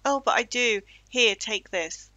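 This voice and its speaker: A woman's voice: on the high side, a little slow, sharp tone, rough recording. A woman reading aloud the lines of an anxious, defensive male monster from a game. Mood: relieved. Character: anxious male one-eyed monster, self-styled talent.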